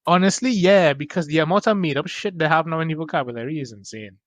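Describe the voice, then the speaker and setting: A man's voice: on the high side, quick pace, a bit bright, dry recording. A man from Trinidad and Tobago, co-hosting a podcast in casual chat, rambling easily through his stories. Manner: easygoing, rambling storytelling. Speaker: podcast co-host.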